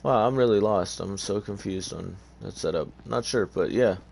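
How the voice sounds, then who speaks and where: A man's voice: on the low side, normal speed, vocal fry, darkish tone. A tired man giving casual, rambling gameplay commentary in an offhand, hesitant way. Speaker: gamer.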